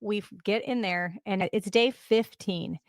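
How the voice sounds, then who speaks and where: A middle-aged woman co-hosting a podcast, telling a story in animated, quick bursts of casual chat. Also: medium pitch, no echo, clean studio sound. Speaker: podcast co-host.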